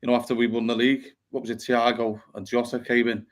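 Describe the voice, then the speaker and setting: A man's voice: medium pitch, little pitch movement, quick pace. Analytical man, tag-question football chat. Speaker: guest panelist.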